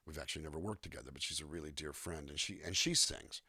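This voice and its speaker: Husky low-voiced man, animated and expressive. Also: fast talker, dry recording, clean studio sound. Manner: animated, demonstrates line readings and accents. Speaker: guest voice actor and musician. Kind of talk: conversational interview.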